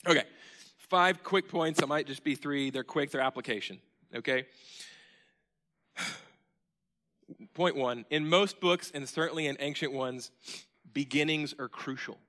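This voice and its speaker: A man preaching a sermon to his church congregation, earnest and emotional, swinging from loud emphasis down to near-whispers. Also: medium pitch. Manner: earnest, emotional, admits crying mid-sermon. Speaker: pastor. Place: church sanctuary.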